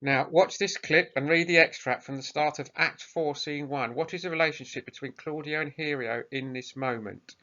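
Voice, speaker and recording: Bright-voiced male teacher. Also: a little high, moderate pace, few pauses. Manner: explaining tasks plainly, often hesitant. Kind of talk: recorded remote lesson. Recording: muffled lo-fi recording.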